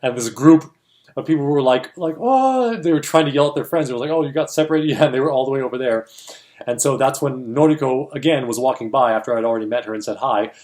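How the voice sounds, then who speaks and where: A man tells a story in a casual chat, his voice sitting at an ordinary middle pitch. He laughs often and acts out the voices of the people he quotes. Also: steady tone, fast talker, a little mellow. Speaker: co-host of a film industry show.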